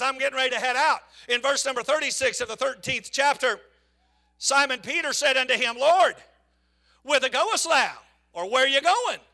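A man preaching a sermon in a very high, gravelly voice that keeps breaking into shouts. His tone is piercingly bright and sharp, and he moves between reading scripture and telling folksy stories. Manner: animated, shouting bursts and storytelling asides.

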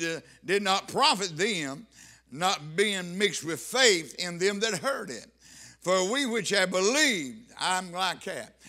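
A man's voice: sits high, bright, forceful tone. A man preaching a sermon to his congregation, reading scripture and pressing his points with fervent emphasis. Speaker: pastor.

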